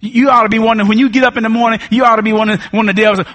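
A man's voice: high-pitched, steady tone, racing, hardly any pauses, a bit bright. A man, a pastor preaching a sermon with emphatic, repetitive lines and call and response.

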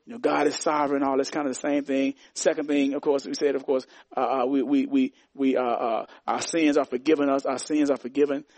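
A man's voice: mid-range voice, flat delivery, fairly quick, few pauses, darkish tone, dry recording. A man preaching a sermon as pastor, emphatic and repetitive, calling on the congregation to answer back.

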